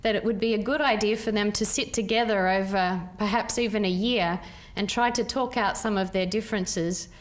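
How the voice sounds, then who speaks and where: An Australian woman in her forties giving a public talk as a peace worker, telling her story in a measured, earnest way with thoughtful pauses. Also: medium pitch, fairly even intonation.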